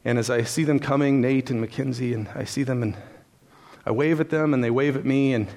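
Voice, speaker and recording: A man preaching a sermon. He tells a personal story in a relaxed, conversational way, fills pauses with "uh" and "and so," then builds to earnest preaching. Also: mid-range voice. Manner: frequent "uh" and "and so" fillers. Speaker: pastor.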